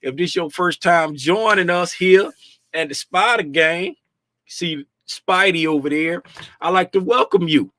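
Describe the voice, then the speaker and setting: A man's voice: high-pitched, measured pace, a bit bright, dry recording. A man from Florida hosting a daily trading livestream, chatting casually and playfully in slang and greeting viewers by name. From Florida, USA.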